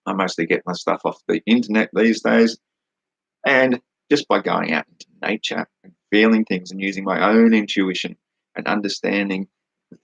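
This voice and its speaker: A husky, slightly low-voiced Australian man rants back at his critics, blunt and sweary, mocking them as he goes. The recording is dull and lo-fi, with a dry, close sound. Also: dry recording. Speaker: vlogger answering comments. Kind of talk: combative ranting monologue.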